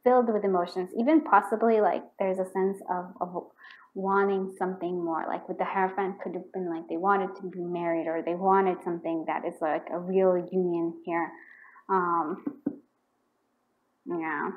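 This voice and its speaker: A woman's voice: lowish voice, moderate pace, narrow, tinny audio. A woman giving a pick-a-card tarot reading, talking in a loose, rambling way full of fillers and restarts, muttering questions to herself as she draws cards and perking up when a card fits. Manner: murmurs repeated questions while drawing cards; excitable, bursts out when a card confirms her read.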